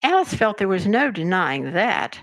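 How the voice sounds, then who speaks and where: An older woman reading a classic children's story aloud in an expressive, measured way. Her voice sits at a middling pitch but moves through lively rises and falls. The recording is dry and close, with no room echo. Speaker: resident reader.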